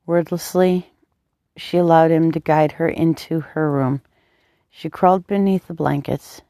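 A woman narrating a romance story in a calm, measured reading. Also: deep voice, dry recording, studio quality. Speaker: audiobook narrator.

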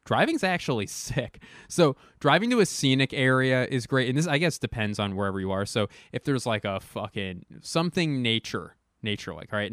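A man's voice: medium pitch, a bit bright, smooth, no room sound, clean studio sound. A young man hosting a podcast, rambling casually and profanely with a self-mocking edge. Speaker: podcast host. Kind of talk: casual comedic monologue.

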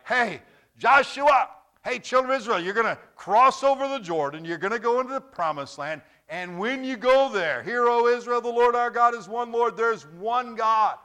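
A man preaching a sermon who voices an urgent old male prophet, calling out slowly and emphatically. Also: very high voice, expressive, pitched above the performer's own voice, exaggerated voice. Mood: exhorting. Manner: slow, loud, emphatic calling out.

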